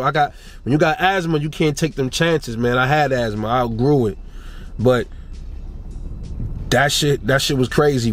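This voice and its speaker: A young man talks straight to the camera in a loose, profane storytelling rant. His voice sits fairly high and climbs further when he gets worked up. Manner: animated, swearing, rising pitch when riled up. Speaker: boxing commentator.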